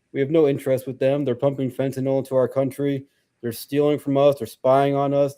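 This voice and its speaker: A man answers in a roundtable debate, firm and methodical as he stacks up his points. His tone is mellow and warm, at a middle pitch. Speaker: roundtable guest. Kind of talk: casual political debate.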